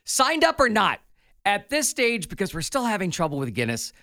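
Brief: playful male radio co-host, lively swinging pitch, dry studio sound. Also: normal speed, no room sound. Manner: playful, animated delivery. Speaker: radio morning show co-host. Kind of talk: casual radio banter and news reading.

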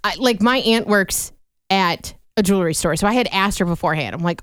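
Young woman, radio co-host, casual banter, teasing, resonant clear voice, dry close sound. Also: mid-range voice, fairly bright tone, no room sound. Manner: reactive, teasing, quick banter. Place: radio studio.

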